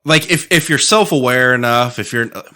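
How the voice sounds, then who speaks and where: A man's voice: mid-range voice, a little fast, bright, forceful tone. A man co-hosting a podcast, chatting casually over drinks, profane and laughing as he rambles. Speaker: podcast co-host.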